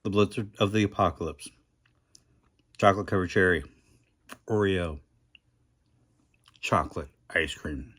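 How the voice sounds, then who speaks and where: A man's voice: deep voice, measured pace, long pauses, a bit bright. A middle-aged man rambling through a casual food review vlog, chatty and self-deprecating, talking with his mouth full.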